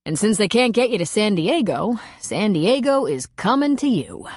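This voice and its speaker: A woman's voice: mid-range voice, very animated, normal speed, darkish tone, husky, dry recording, clean studio sound, pitched above the performer's own voice. A woman voicing a wry, teasing older man in an audiobook.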